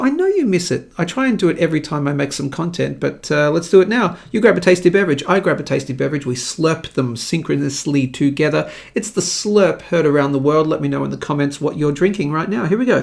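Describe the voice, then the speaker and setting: A man's voice: a little high, expressive, a little fast, gravelly, few pauses. A man with an Australian accent hosting a live market show, chatting in an upbeat, jokey way. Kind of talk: casual live-stream commentary.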